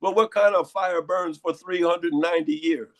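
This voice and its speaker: A hoarse, congested man giving lecturing interview answers and firing off repeated rhetorical questions. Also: on the high side, fairly even intonation, moderate pace. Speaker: guest.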